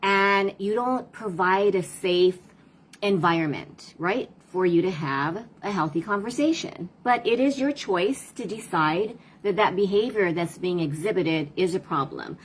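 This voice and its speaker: A woman's voice: medium pitch, animated, measured pace, husky, low-quality recording. A woman parent coach talking casually to viewers on a live stream, asking rhetorical questions and replying to comments.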